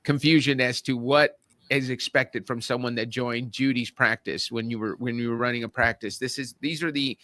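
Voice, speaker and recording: A man's voice: medium pitch, steady tone, normal speed, sharp tone, no room sound. A man hosting a leadership podcast, enthusiastic and rambling as he interviews a guest. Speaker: podcast host. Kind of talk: conversational interview.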